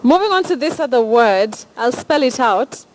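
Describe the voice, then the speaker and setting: A woman presenter, briskly putting word questions to a guest and spelling words out. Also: fairly high pitch, expressive, a little hiss or hum, poor audio. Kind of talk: on-air interview segment.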